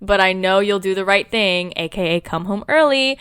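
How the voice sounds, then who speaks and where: A young woman co-hosting a podcast, chatting casually and tossing in quick, jokey reactions. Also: mid-range voice, a bit bright, smooth, dry recording, studio quality. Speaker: podcast co-host. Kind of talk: casual chat.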